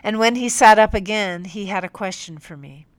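A young woman narrating a first-person audiobook in a measured, firm, teacherly way. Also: medium pitch, clean tone, dry recording. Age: young adult.

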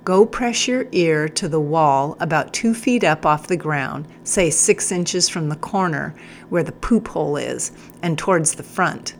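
A woman voicing a wry male prisoner who talks in a slow, teasing drawl in an audiobook story. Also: low voice, a little hiss or hum. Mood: sly, teasing. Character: wry older male prisoner, sly and joking.

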